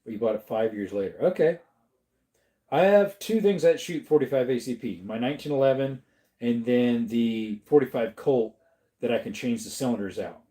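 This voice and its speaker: A man's voice: mid-range voice, normal speed, dark tone. A tired middle-aged man from Arizona, hosting a casual livestream and answering chat in a drawling, easygoing way. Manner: drawling and tired, slips into joke voices. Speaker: livestream host reading chat.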